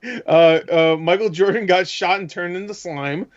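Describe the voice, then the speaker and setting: A man co-hosting a gaming podcast who throws in jokes and quick quips during casual chat. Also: high-pitched, dry recording. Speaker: podcast co-host. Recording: dry, slightly dull lo-fi audio.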